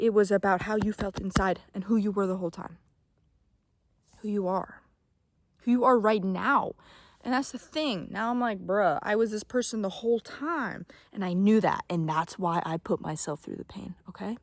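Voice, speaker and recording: A young woman talks to camera with casual, emphatic self-help advice, swearing freely, sometimes dropping to a whisper and often checking in with "okay?". Her voice is mid-range at normal speed, recorded with no echo.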